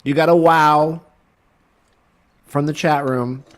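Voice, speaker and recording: A man's voice: medium pitch, normal speed. A man co-hosting a comedy show, wry and swearing casually while recapping a prank call. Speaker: co-host.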